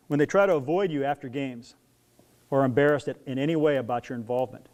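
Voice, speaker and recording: A middle-aged man giving a talk to an audience, telling stories and acting out scenes as he goes. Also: mid-range voice. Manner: animated storyteller who acts out scenes. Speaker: speaker on parenting young athletes.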